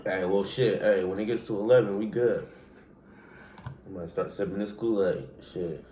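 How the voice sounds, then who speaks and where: A man's voice: fairly low pitch, steady tone, normal speed, reverberant, a little hiss or hum. A man vlogging a spicy noodle challenge at home, talking loosely, laughing and cursing as the heat builds. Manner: loud, laughing, swearing while eating hot noodles. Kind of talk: casual chat.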